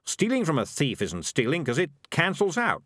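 A man's voice: fairly high pitch, wildly swooping pitch, normal speed, fairly bright tone, no room sound, voice pushed up, full character voice. A man voicing a cheerful, scheming male talking cat with a wheedling, persuasive manner, in a dry close recording.

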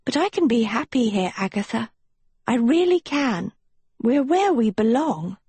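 A woman doing a high, wistful young witch turned hag. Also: very animated, a little slow, a little mellow, husky, no room sound, exaggerated voice. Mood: pleading.

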